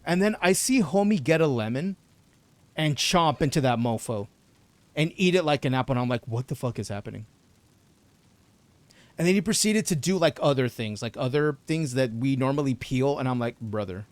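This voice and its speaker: Young man, game streamer, lively swooping voice, slangy and casual, dry close mic. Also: on the high side, brisk, no room sound. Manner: casual, slangy, swears, chats with viewers. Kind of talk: live gameplay commentary.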